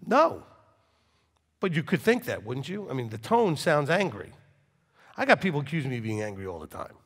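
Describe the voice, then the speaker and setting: Intense rabbi preaching in a hall. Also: male voice, big pitch swings, normal speed, husky. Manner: intense, swings from loud forceful bursts to quiet low talk. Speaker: rabbi teaching a congregation. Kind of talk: sermon.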